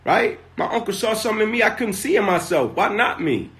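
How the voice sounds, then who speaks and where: A man's voice: high voice, expressive, brisk, fairly bright tone. A man, a motivational speaker, telling a personal story on a live stream from his phone, tagging almost every sentence with "right?" and building in intensity as he goes.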